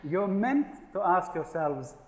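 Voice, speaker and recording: A man's voice: high voice, very animated, slow pace. A man giving a humorous business keynote, telling stories and asking the audience questions. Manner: storytelling with jokes and rhetorical questions. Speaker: conference speaker. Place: large conference hall. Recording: echoey hall with long reverb.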